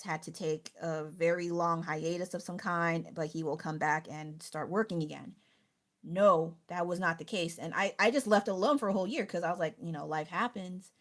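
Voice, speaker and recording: A woman chatting casually and rambling with restarts while streaming her art. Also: lowish voice. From United States. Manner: chatty, rambling, self-interrupting.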